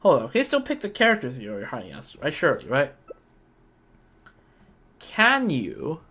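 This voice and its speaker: A young adult streamer giving casual, excitable commentary while playing a game, blurting reactions and talking to themselves. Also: mid-range voice, moderate pace, breathy edge. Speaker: gameplay streamer.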